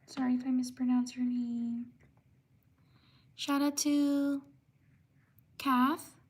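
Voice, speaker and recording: A woman with a high voice hosts a livestream, reading out viewers' names one by one. She talks slowly and in an even, level tone. She writes each name by hand as she goes and apologizes when she may get one wrong. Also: husky. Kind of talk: livestream shout-outs.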